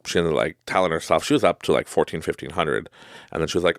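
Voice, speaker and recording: In a dry, studio-quality recording with no room sound, a man with a low voice talks fast as he hosts a podcast. He tells casual, rambling stories, laughs often, and acts out the people he quotes.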